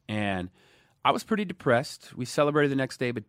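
A man in his thirties from Dallas, telling stories in a casual interview, animated, swinging between loud emphasis and quiet asides. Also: medium pitch, a little fast, smooth, no room sound, clean studio sound. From Dallas, USA. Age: 30s. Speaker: guest.

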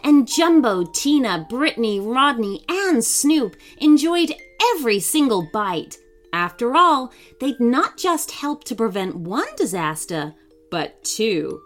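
A woman reading a children's story aloud in an expressive, animated way. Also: a little high, slow, faint music behind.

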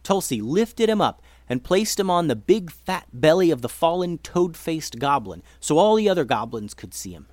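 A man narrating a children's adventure story in a lively, expressive way as the podcast host. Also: a little high, moderate pace, few pauses, dry recording. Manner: lively, expressive reading for kids.

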